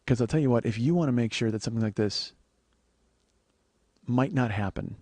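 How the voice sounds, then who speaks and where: Man in his forties, comic storyteller, swears a lot, dry close sound, middle pitch. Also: fairly quick, long pauses, a little mellow, no echo. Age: 40s. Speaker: podcast host. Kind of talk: comedic storytelling monologue.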